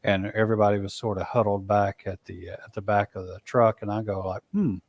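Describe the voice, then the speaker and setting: A man's voice: on the low side, level tone, creaky, no echo, dull audio. Man recounting an encounter, dry sound. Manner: halting, with frequent restarts and "you know". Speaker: guest, Bigfoot researcher. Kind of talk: storytelling in a casual interview.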